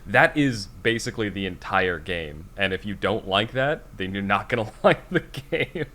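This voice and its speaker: A man's voice: lowish voice, lively intonation, normal speed, sharp tone. A man co-hosting a casual podcast, rambling through stories with easy swearing and laughs slipped mid-sentence. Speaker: podcast co-host.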